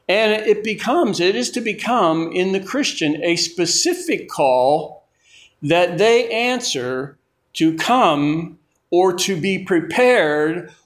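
Slow, emphatic male preacher. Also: high-pitched. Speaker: pastor. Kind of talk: sermon.

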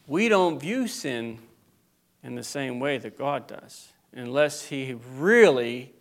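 A man preaching a sermon and reading scripture aloud, building from slow teaching to loud, fervent preaching. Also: on the high side. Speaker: pastor.

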